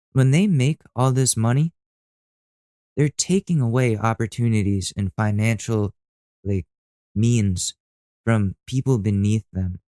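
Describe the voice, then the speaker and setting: Profane ranting young man, dark voice. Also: mid-range voice, no echo, clean studio sound. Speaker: podcast host. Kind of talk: casual rant to camera.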